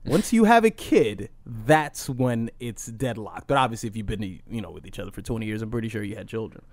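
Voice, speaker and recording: Crude, rambling podcast host. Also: male voice, on the low side, expressive, a little fast. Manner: rambling, crude, laughs often. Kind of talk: casual podcast chat.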